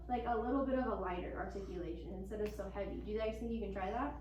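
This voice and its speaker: A woman's voice: a little high, quick pace, dull audio, a little hiss or hum. A woman leading a school band class, upbeat and encouraging, talking casually with plenty of "like" as she explains the music. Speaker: band teacher. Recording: echoey room from a distance.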